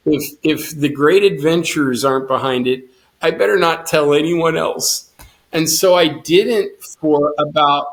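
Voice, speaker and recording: A man's voice: a little high, fairly bright tone. Earnest man telling his story. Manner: earnest, quotes his own thoughts with rising intensity. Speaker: guest, cancer survivor and swimmer. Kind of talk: storytelling interview.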